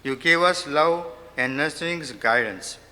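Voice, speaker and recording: A man reading a prepared devotional offering, with a rapid chanted recitation and then a measured reading. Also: fairly high pitch, pushed and bright. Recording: long hall reverb.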